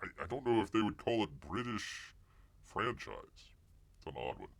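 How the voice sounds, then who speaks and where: Hosting a laid-back live show, this man has a fairly low voice with big pitch swings and a moderate pace. He rambles through the news with jokes, musing aloud and poking fun at the stories.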